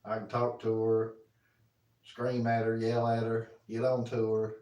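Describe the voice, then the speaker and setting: A man's voice: on the low side, monotone, unhurried, darkish tone. Guy chatting on a live stream from his kitchen, easygoing, echoey and a bit far off. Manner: folksy, reads viewer comments aloud, talks to his dog. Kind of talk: casual live-stream chat. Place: home kitchen. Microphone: phone. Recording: roomy, from a distance.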